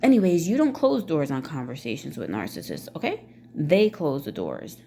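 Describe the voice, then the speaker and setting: A woman's voice: deep voice, big pitch swings, normal speed, vocal fry, mellow, slight background noise. A middle-aged woman ranting casually to camera, blunt and swearing freely, with many fillers. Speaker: vlogger.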